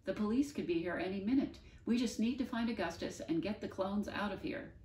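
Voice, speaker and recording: A woman voicing a level-headed, practical man who speaks in a brisk, matter-of-fact way. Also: medium pitch, warm tone, voice pushed up, close to an everyday voice. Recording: roomy, distant mic.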